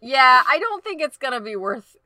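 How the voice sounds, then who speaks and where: A woman co-host chats and brainstorms in a playful, joking way. Her voice sits a little high and swings widely in pitch. It sounds dry and close, with no room around it. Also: no echo. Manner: playful, animated, quick to joke. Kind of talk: casual brainstorming chat.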